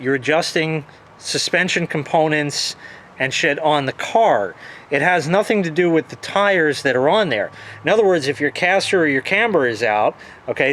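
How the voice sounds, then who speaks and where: A fed-up man tells his story with plenty of profanity and a voice sitting slightly higher than most men's. He talks loosely and casually, slipping into quoted back-and-forth as he retells who said what. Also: a bit bright. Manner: swears freely, retells dialogue in quotes. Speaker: vlogger.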